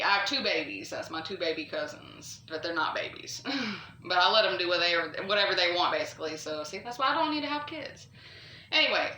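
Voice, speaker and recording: A woman's voice: on the low side, sharp tone, a little hiss or hum. A woman casually telling a true ghost story, chatty and rambling with lots of asides and fillers. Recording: echoey room, voice a bit far from the mic.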